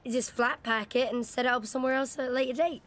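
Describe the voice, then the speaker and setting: A woman's voice: high-pitched, steady tone, fast, fairly bright tone, soft background music. A British woman streaming a police roleplay, bantering and swearing with her fellow players. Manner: bantering, swearing, laughing easily. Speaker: streamer playing a police officer.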